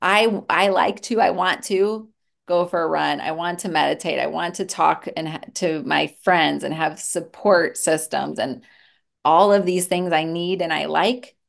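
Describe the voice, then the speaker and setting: Middle-aged woman guest, low gravelly voice, candid and reflective. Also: measured pace. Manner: candid and reflective, with many restarts. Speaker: guest, therapist and mother. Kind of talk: casual conversational interview.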